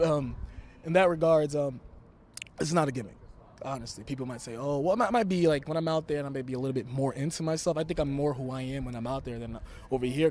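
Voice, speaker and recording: A man's voice: medium pitch, a little mellow, a little hiss or hum. A young man from Brooklyn, talking brashly and emphatically as a wrestler guest in an interview. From Brooklyn, New York. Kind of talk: interview talk.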